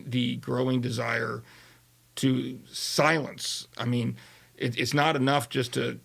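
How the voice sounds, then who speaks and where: Gravelly male host, halting and conversational. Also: mid-range voice, level tone, fairly bright tone. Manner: hesitant, restarts, thinks aloud. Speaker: talk show host. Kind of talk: casual panel discussion.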